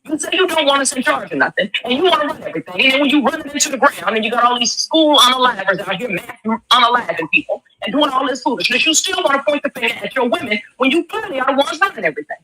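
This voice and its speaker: A woman's voice: high voice, lively intonation, fast, few pauses, crowd noise, rough recording. A woman, talking with emphatic, preachy force and rhetorical questions. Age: 40s. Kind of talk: impassioned commentary.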